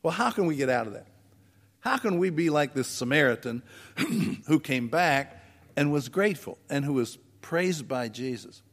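A man's voice: a little high, lively intonation, moderate pace. Man preaching in a reverberant church. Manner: conversational preaching with rhetorical questions. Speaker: pastor. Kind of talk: sermon. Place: church sanctuary.

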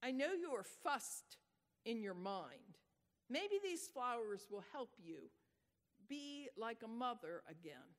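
This is an earnest, gentle five-year-old girl, voiced by a woman retelling a sermon story. She speaks slowly and softly, in a fairly high register. The voice rings out in a long-echoing hall. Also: sing-song. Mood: earnest, pleading. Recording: echoey hall.

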